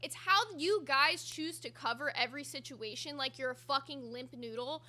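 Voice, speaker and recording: A woman's voice: sits high, moderate pace, bright, forceful tone. A woman hosting a commentary stream, blunt and mocking, swearing freely. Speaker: host.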